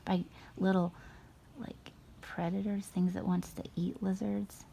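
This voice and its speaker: Woman, middle-aged, art teacher, kids' painting lesson, encouraging, chatty, slightly gravelly. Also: mid-range voice, little pitch movement, measured pace, dark tone, slight background noise. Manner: chatty, encouraging, talks to children.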